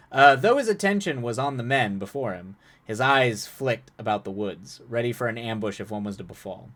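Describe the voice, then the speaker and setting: A man's voice: medium pitch, lively intonation, moderate pace, a bit bright. A young man reading a viewer's story aloud on a live stream, breaking off to chat about the writing in a loose, rambling way. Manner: chatty, frequent restarts and laughs between passages.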